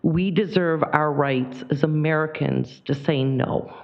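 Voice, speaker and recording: A woman from Michigan giving an impassioned public comment at a county board meeting, near tears and shifting between rushing and slow emphasis. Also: low voice, creaky, lo-fi sound.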